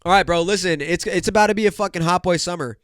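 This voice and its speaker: A man's voice: sits high, fast, fairly bright tone, dry recording. Congested young man ranting on a podcast. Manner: profane, rambling, joking. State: congested, nasal. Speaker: podcast host. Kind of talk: casual solo podcast chat. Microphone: podcast microphone.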